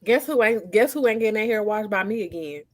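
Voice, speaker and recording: A woman's voice: medium pitch, lively intonation, brisk. A woman co-hosting a casual chat show, blunt and emphatic, often laughing. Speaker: podcast co-host.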